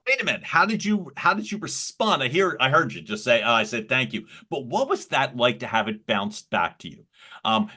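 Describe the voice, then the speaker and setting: A woman's voice: very deep voice, very animated, brisk, sharp tone, husky. A woman hosting an interview over a video call, asking eager, curious questions and affirming often. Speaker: host. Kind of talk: casual interview chat.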